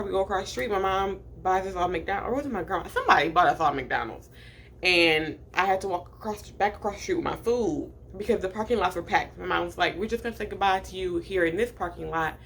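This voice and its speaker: A woman in her late twenties from Michigan tells a personal story straight to her viewers. She talks casually, leaning on lots of fillers, at an ordinary pitch. A faint hum of noise sits behind her voice. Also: vocal fry, fairly bright tone. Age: late 20s. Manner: chatty, filler-heavy storytelling, addresses viewers directly. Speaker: vlogger. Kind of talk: storytime vlog.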